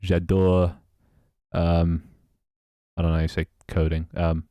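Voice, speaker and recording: A man's voice: deep voice, completely flat delivery, a little slow, warm tone, clear, resonant tone, no room sound, clean studio sound. An English man streaming live, chatting casually with his viewers, laughing often, swearing and fumbling through playful mock French. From England. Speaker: live streamer reading chat.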